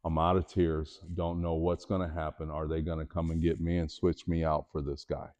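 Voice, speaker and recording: A middle-aged man, a former athlete, giving a motivational talk to students in a school auditorium, telling a personal story with rising and falling intensity. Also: normal speed. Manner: storytelling, animated, raises voice for drama then drops low. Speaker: motivational speaker.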